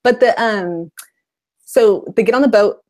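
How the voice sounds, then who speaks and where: A woman's voice: a little high, measured pace, darkish tone. A woman co-hosting a casual TV chat, checking facts and asking the others questions. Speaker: podcast co-host.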